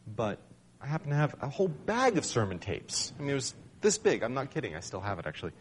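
A man's voice: medium pitch, big pitch swings, quick pace, a little hiss or hum. A man giving a storytelling talk in front of an audience, sharing a personal testimony in a conversational, wry, self-deprecating way.

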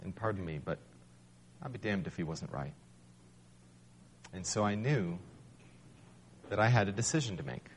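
A man's voice: sits low, expressive, normal speed, long pauses, a little hiss or hum. Man telling a wry personal story. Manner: conversational, wry and self-deprecating. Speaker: speaker sharing a personal testimony. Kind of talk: storytelling talk.

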